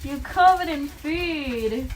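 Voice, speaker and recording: A woman's voice: high-pitched, slow pace. A young British woman giving a chatty farm tour as a vlogger, cooing at the animals in a sing-song voice. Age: young adult. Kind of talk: casual farm tour vlog. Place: outdoors on a farm. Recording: noisy outdoor audio with animal sounds.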